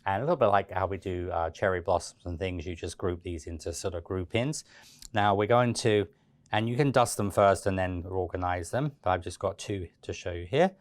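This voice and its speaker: A man giving a relaxed, chatty step-by-step cake decorating tutorial, with frequent fillers and restarts. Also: low-pitched, normal speed, no echo.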